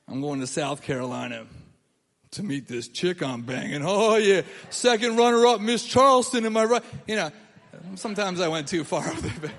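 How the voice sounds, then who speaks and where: A young man telling a long story in stand-up, animated, laughing at his own jokes and putting on voices of other people. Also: fairly high pitch, big-room sound. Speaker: comedian. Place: comedy club stage before a laughing audience.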